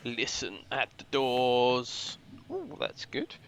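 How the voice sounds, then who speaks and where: A man's voice: mid-range voice, huge pitch swings, slow, creaky, a bit bright, slight background noise. A man playing a tabletop game, joking playfully with the group. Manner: playful, jokey. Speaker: player.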